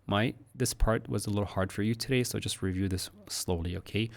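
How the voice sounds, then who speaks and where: A man teaching English pronunciation, repeating model sentences slowly in segments and explaining intonation in a casual, conversational way. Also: lowish voice, vocal fry. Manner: slow deliberate model sentences broken into segments, casual asides. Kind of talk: recorded one-on-one lesson with screen annotation.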